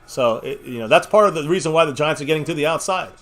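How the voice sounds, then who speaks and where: A man co-hosting a live football watch party whose voice is going hoarse, reacting loudly to plays and swearing in casual chat. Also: a little high, fast talker, over a noisy crowd. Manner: excitable, loud outbursts at big plays, swears. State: voice getting hoarse. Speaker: co-host of a fan watch-party stream.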